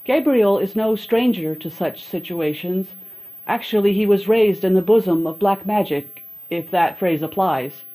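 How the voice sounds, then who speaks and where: A woman reading a horror-comedy audiobook as a steady first-person storyteller. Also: medium pitch, measured pace, rough recording. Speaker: audiobook narrator. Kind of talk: scripted narration.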